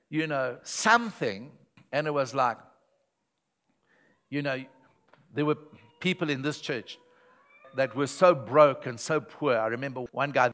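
A man, a pastor, preaching a sermon in church with lively storytelling that swings between loud and hushed delivery. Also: mid-range voice.

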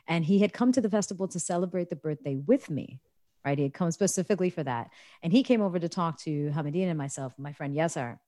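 A woman's voice: sits low, fast, no echo, studio quality. A woman from the United States telling a funny party story in casual chat, laughing and acting out the people she quotes. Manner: animated, laughing, acts out quoted voices.

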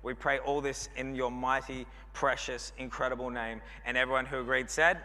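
A man's voice: mid-range voice, flat delivery, normal speed, pushed and bright, slight background noise. A man in his thirties with an Australian accent, preaching a sermon in a chatty, joking, rambling way full of fillers. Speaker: pastor. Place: church hall. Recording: long hall reverb.

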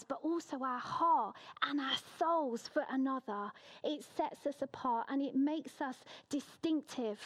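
Earnest higher-voiced woman preaching. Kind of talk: sermon.

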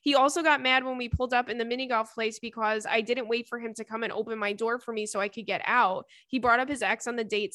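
A woman's voice: a little high, pushed and bright, no room sound, studio quality. A young woman hosting a podcast in casual, chatty talk, reading listener emails aloud with lots of fillers and swearing. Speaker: podcast host.

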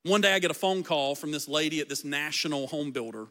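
High, bright-voiced man preaching. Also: fast. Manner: earnest, swings from loud emphasis to quiet. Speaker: pastor. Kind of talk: sermon.

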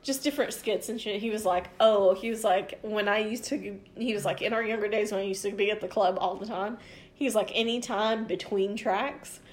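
A woman's voice: mid-range voice, steady tone, a little fast. A woman in her forties tells a story in a loose, rambling way, with plenty of asides. She swears freely and acts out both sides of a conversation in her own voice. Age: 40s. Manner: rambling, loose, swears freely, quotes others in back-and-forth. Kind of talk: casual storytelling chat.

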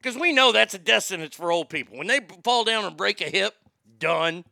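A man's voice: sits high, expressive, brisk, vocal fry, bright, forceful tone, dry recording, clean studio sound. A man hosting a live show, ranting about politics in a heated, sarcastic and profane way, often stammering and restarting when worked up.

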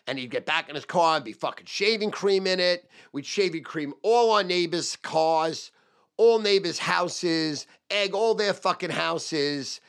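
A middle-aged man, telling a profane story in an animated, emphatic way with lots of repetition. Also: on the high side, gravelly. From Long Island, New York.

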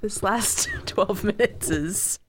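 A woman co-hosting a podcast, chatting easily and chiming in with quick remarks. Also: medium pitch, background noise. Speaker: podcast co-host. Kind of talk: casual chat.

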